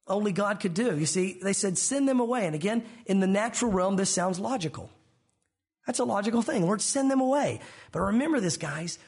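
A man's voice: high-pitched, slightly rough. A male pastor preaching a sermon to his congregation, emphatic and acting out the voices he quotes.

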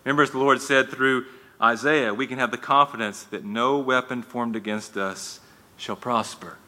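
Bright-voiced male preacher, echoing hall. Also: mid-range voice, fairly even intonation, moderate pace. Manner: conversational, with frequent restarts and folksy asides. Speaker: pastor. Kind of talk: sermon. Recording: long reverb in a hall.

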